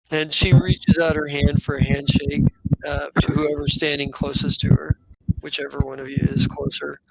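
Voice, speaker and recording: A man narrating as game master of a tabletop game, halting with many restarts. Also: on the high side, level tone, vocal fry, no echo, poor audio.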